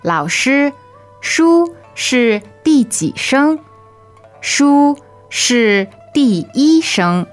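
A woman's voice: high-pitched, sing-song, extremely slow, soft background music. A woman whose first language is Chinese, co-hosting a lesson podcast and giving careful model pronunciation. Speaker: podcast co-host.

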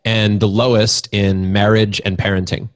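A man guesting on a podcast, talking about fatherhood in a reflective, meandering way. His voice is on the low side. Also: flat delivery, normal speed. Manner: reflective, rambling, lots of fillers. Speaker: podcast guest, men's community leader. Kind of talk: casual conversation.

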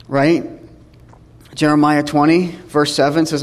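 A man's voice: fairly high pitch, normal speed, in a large hall. A man preaching a sermon in a conversational way, dropping in tag questions and acting out the scripture dialogue.

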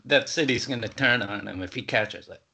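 A young man co-hosting a casual debate, calm and teasing as he pushes back. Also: mid-range voice, brisk, creaky, breathy edge. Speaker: co-host.

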